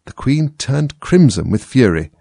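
A man narrating a storybook in an expressive, lively reading. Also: medium pitch, a little slow, vocal fry, husky, dry recording.

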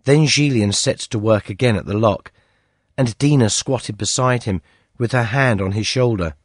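A man narrating a story, reading in a measured, expressive way with a husky voice. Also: medium pitch, no room sound, studio quality.

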